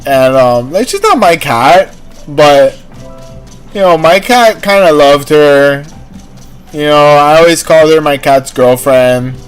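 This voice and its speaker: A man's voice: a little high, animated, takes it slowly, clear, resonant tone, soft background music. A man hosting a livestream, chatting in a rambling, casual way full of "like" and "you know". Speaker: livestream host.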